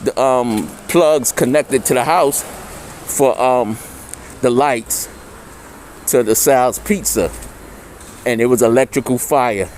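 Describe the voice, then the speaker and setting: A man's voice: slow, long pauses, darkish tone, slight background noise. A middle-aged man, telling a story in loose, slangy street talk. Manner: slangy, loose street talk, acts out quoted voices higher. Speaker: interviewee. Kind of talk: casual storytelling.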